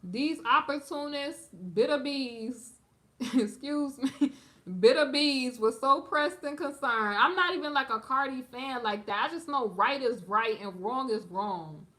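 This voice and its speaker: A woman's voice: high voice, unhurried, bright, forceful tone. A woman giving sassy, emphatic gossip commentary on a live stream, talking straight to her viewers in a slangy, casual way.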